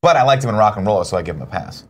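Brief: male co-host, low voice, animated swearing ranter. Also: very fast. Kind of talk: casual chat.

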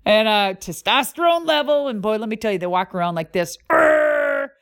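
A middle-aged woman hosting a podcast, telling a racing story in a lively, profane way with vocal sound effects. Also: mid-range voice, moderate pace. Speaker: podcast host and former monster truck driver.

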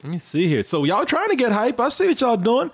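A man's voice: very high-pitched, huge pitch swings, brisk. A man hosting a casual livestream chat, joking and laughing often, with a tickle in his throat. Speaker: livestream host.

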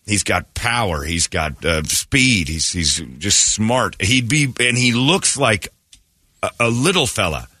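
A man hosting a morning radio show, joking loudly and irreverently with his co-hosts in casual banter. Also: fairly low pitch, expressive, a little slow, husky, no room sound. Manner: loud, jokey and irreverent, swings into put-on quote voices. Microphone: studio microphone. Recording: dry radio studio.

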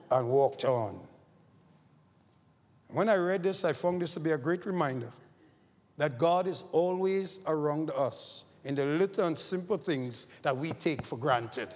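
A man delivering a sermon in a high-pitched voice, rising loud on key phrases and sinking low and slow on others. The sound carries a long reverb, as in a large hall. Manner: preaching with sweeping rises and falls in pitch and loudness. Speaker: preacher.

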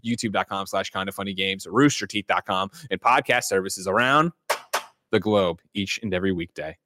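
A man hosting a gaming news show, brash and animated, reading plugs and joking with swearing. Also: sits low, normal speed, background noise. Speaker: host. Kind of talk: podcast show banter and plugs.

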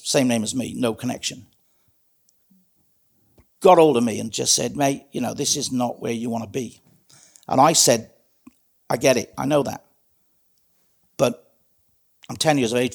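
A middle-aged man from South Wales, with a Welsh accent, is a guest in an interview, a community safety advisor reflecting earnestly and frankly on his life story with frequent restarts. His voice is medium-pitched and gravelly.

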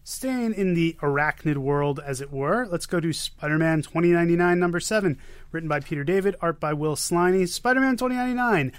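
A man co-hosting a podcast, giving quick, joking, enthusiastic comic recaps into a close mic. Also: fairly high pitch, no echo. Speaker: podcast co-host. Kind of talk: casual chat about comics.

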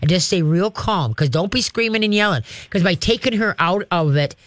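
A man's voice: high voice, expressive, a little fast, fairly bright tone, no room sound. A man hosting a call-in radio show, giving direct, folksy dog-training advice and acting out firm commands with growls.

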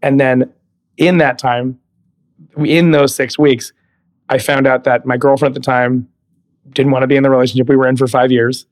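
A man in his thirties, a podcast guest, telling career stories in a lively, animated way. He laughs easily and slips into the voices of the people he quotes, with a mid-range voice. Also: medium pitch, normal speed, pauses often. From California. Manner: animated storyteller, laughs often, acts out quoted dialogue. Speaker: guest, Broadway actor. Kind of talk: casual interview chat.

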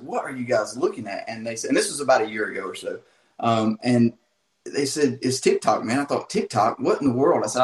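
A man's voice: medium pitch, echoey room, poor audio. A man from North Carolina with a strong Southern accent, a guest telling easygoing stories with many fillers over a call. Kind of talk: casual interview on a call.

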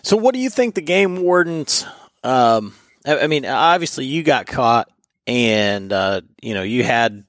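Male podcast host, halting questions, dry sound. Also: medium pitch, sing-song, fairly bright tone, no room sound. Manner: halting, searching for words. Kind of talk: interview questions.

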